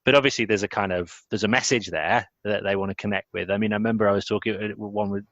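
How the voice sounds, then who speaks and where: A man's voice: lowish voice, steady tone, fast, fairly bright tone, no room sound. A man hosting an interview podcast, rambling a little as he searches for words. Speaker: podcast host. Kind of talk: conversational interview. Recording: slightly dull, dry audio.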